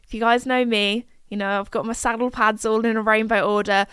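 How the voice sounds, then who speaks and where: A woman's voice: on the high side, flat delivery, brisk, a bit bright, clear, resonant tone, no echo, studio quality. Chatty young woman podcaster. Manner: chatty and rambling, many fillers. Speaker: podcast host. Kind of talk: casual chat.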